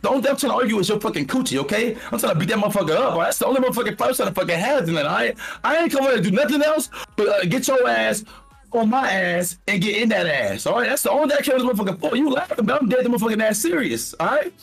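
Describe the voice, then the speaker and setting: A man plays a brash, crude suitor on a comedy dating-show stream. He talks in fast, vulgar, drawling slang with a gravelly, husky edge and a high-pitched voice. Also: lively intonation, faint music behind, heavily acted. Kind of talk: comedic pickup-line bit.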